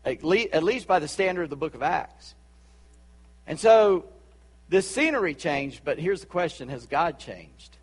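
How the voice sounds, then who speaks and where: A man with a Charleston Southern accent preaching a sermon as a pastor, chatty with asides and quick laughs. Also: fairly high pitch, sing-song, husky, big-room sound. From Charleston, South Carolina.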